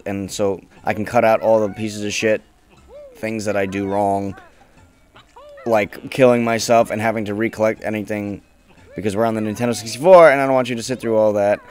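A young man commentating his own gameplay casually, swearing often and bursting into frustrated shouts. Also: on the low side, clean tone. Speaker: let's play gamer.

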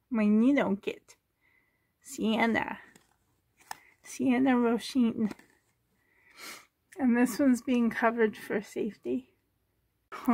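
A woman chatting casually in her home bedroom, soft-spoken and doting, often dropping into a whisper, filming on a handheld camera. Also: on the high side. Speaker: doll collector vlogger. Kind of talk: casual show-and-tell chat.

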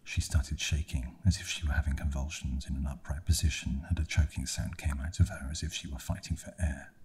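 A man whispering a bedtime horror story in a slow, hushed ASMR reading. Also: rumbling low, steady tone, slight background noise.

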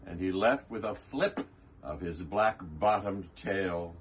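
A man reading a rhyming children's storybook aloud in a playful, unhurried way with musing asides. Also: sits low, a little hiss or hum. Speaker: reader.

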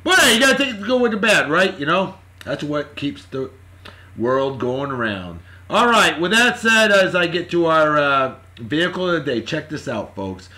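Loud slangy guy doing shout-outs, high bright voice that's all over the place. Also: very animated, moderate pace. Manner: boisterous, slangy, swings between yelling and muttering. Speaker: vlog host giving birthday shout-outs. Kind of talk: casual rowdy shout-out vlog.

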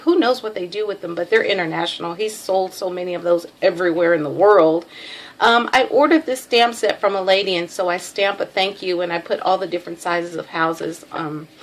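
A woman's voice: mid-range voice, a little hiss or hum. A middle-aged woman with a Texan drawl casually showing off a craft package, chatty and self-deprecating, with lots of ums. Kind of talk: casual show-and-tell.

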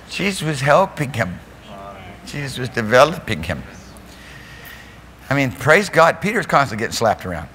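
Animated preacher in a reverberant hall. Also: male voice, medium pitch, moderate pace, pauses often, a little hiss or hum. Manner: animated preaching, laughing, mimicking voices. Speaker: pastor. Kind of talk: sermon. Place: church sanctuary.

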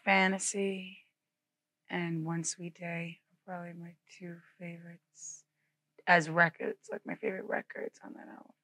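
A woman singer in her twenties from the United States, answering interview questions in a relaxed, offhand way, her voice tired and low from little sleep. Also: a little slow, dry recording. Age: 20s.

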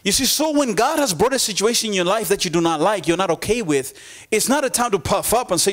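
A man's voice: high-pitched, expressive, fast, a bit bright. A man preaching a sermon, earnest, often repeating words and acting out voices he quotes.

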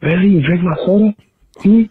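A man's voice: sits high, fairly quick, slightly rough, phone-quality sound, voice pushed up. A man voicing his irritated young brother, raising his voice as he quotes him on a phone voicemail. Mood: indignant. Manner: indignant, accusing.

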